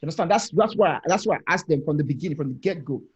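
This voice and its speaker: Man, high voice, emphatic, challenging, repeats himself, panel discussion over video call. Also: lively intonation, racing, dull audio. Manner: emphatic, repeats phrases, challenges listeners directly.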